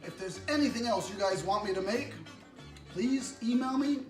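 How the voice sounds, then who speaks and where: A man's voice: very high-pitched, normal speed. A man cooking and demonstrating a recipe as a chef, chatting upbeat and straight to his viewers. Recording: echoey room with music behind.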